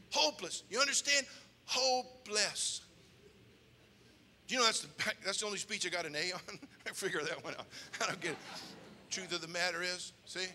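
An older man preaching with humor, an animated storyteller with comic timing who slips into character voices. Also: high-pitched, moderate pace, long pauses. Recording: long hall reverb.

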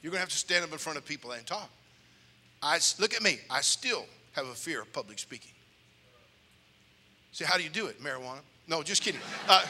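An older man preaching with humor, an animated storyteller with comic timing who slips into character voices. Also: on the high side, slight background noise. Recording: long hall reverb.

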